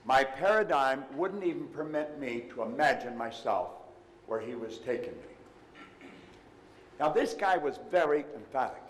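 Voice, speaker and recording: A man's voice: medium pitch, expressive, unhurried, a little hiss or hum. Emphatic older man in a reverberant hall. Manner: emphatic, storytelling with retold dialogue. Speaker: motivational seminar speaker. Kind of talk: live motivational seminar talk. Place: large room before a live audience.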